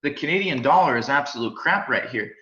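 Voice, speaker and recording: Energetic male instructor, chatty, stumbles and repeats words, forceful tone, roomy recording. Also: mid-range voice, a little fast. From United States. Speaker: crypto trading instructor. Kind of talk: live class presentation. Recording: roomy, slightly dull sound.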